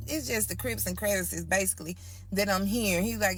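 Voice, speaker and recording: A young woman telling a personal story in casual storytime style, acting out the quoted voices with sudden high cries and calling her listeners y'all. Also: fairly quick, husky, dry recording.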